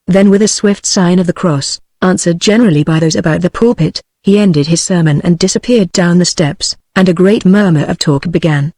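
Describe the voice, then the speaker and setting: A woman's voice: fairly low pitch, no echo. Synthetic British woman reading a novel. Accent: British English. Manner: even, measured synthetic reading. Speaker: audiobook narrator. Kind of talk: text-to-speech book reading.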